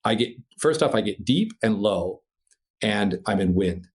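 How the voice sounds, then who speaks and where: A man from Minnesota, a podcast guest, telling a story in a casual, animated way, swearing freely and laughing through the tense parts. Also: lowish voice, measured pace. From Minnesota, USA. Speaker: podcast guest, paraglider pilot.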